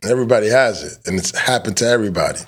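Podcast host, man, loud and profane, swoops all over his pitch, casual banter. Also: lively intonation, rapid-fire. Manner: loud, joking, swears freely, teases his guest. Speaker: truck driver.

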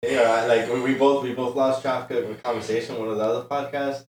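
A man's voice: mid-range voice, fairly quick. A man joining a casual podcast as the host's friend, laid-back and ribbing him back. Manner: laid-back, talks back and ribs the host. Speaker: friend in the studio. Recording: echoey room, off-mic.

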